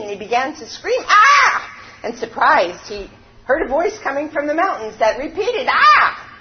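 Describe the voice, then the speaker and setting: A woman preaching a sermon, emphatic and unhurried, leaning on key words and repeating them. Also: mid-range voice, slight background noise. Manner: slow, emphatic preaching with lively rises and falls. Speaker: spiritual teacher. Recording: dull lo-fi recording.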